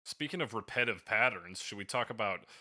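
A man's voice: fairly low pitch, lively intonation, fairly quick, sharp tone. A man co-hosting a casual music podcast, easygoing and agreeable. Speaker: podcast co-host. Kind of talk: casual chat.

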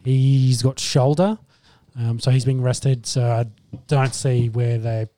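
A laid-back Australian man talking footy as a podcast co-host. His voice is dark and mellow, and it sits dry and close to the mic. He speaks casually and thinks out loud as he goes. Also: medium pitch, steady tone, slow pace, no echo. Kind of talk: casual sports chat.

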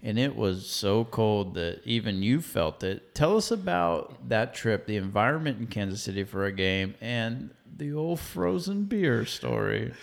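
A man co-hosting a podcast, chatting casually and throwing in quick jokes. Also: medium pitch, big pitch swings, creaky. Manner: quick jokey interjections. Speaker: podcast co-host. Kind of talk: casual chat.

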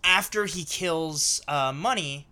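Male co-host, bright tense voice, quick jokes and film recaps. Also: on the high side. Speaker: podcast co-host. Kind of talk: casual movie podcast chat.

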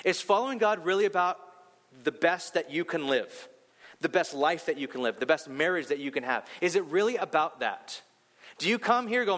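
A young man preaches in a big church hall where his voice rings out with a long echo. He speaks in a fairly high register, asking question after question. When a story gets heated, he pushes his pitch even higher. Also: brisk. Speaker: pastor. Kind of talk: sermon.

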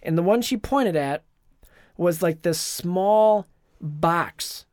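A man co-hosting a podcast, telling a long dream in a rambling, animated way with lots of fillers. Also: sits high, slow pace, dry recording, studio quality. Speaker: podcast co-host. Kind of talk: casual chat, retelling a dream.

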